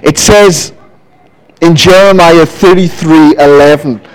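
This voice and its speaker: Pastor, male, high voice, animated storytelling sermon. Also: takes it slowly, smooth, poor audio. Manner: lively, animated preaching with storytelling.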